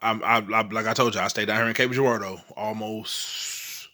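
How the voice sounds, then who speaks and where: A man's voice: fairly low pitch, steady tone, moderate pace, pushed and bright. A middle-aged man from St. Louis telling ghost stories in a rambling, profane monologue, often checking in with "you know what I'm saying.". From St. Louis, Missouri. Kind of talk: casual storytelling monologue.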